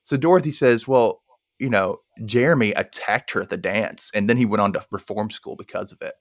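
A man's voice: on the low side, a little fast, dry recording, clean studio sound. A man casually recapping a film plot and acting out the characters' lines in a chatty way. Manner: animated, acts out the characters' lines. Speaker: podcast co-host.

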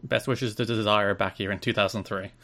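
This podcast co-host has an Irish accent and a fairly low, steady voice with a sharp tone, speaking a little fast. In a casual chat, he reads news items aloud and then riffs on them loosely.

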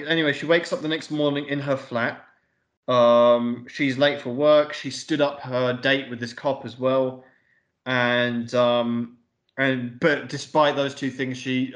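A man's voice: mid-range voice, fairly bright tone, lo-fi sound. A man co-hosting a podcast in casual film review chat. He rambles and swears a lot, with plenty of fillers. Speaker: podcast co-host. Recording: echoey room.

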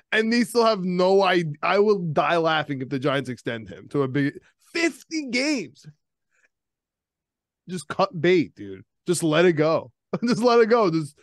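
A young man, co-hosting a casual sports podcast, rambling and excitable, laughing often. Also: on the high side, no echo, studio quality. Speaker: podcast co-host.

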